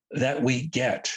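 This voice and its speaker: A man's voice: mid-range voice, a bit bright, husky. A man guest in an interview, talking in an earnest, reflective way and repeating words for emphasis. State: emotional. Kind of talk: casual conversation. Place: at home, by a lawn near the ocean.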